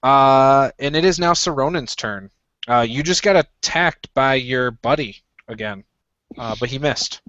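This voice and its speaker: A man running a tabletop game as game master, narrating in a relaxed, chatty way with frequent fillers. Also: mid-range voice, unhurried, dry recording, highs cut off.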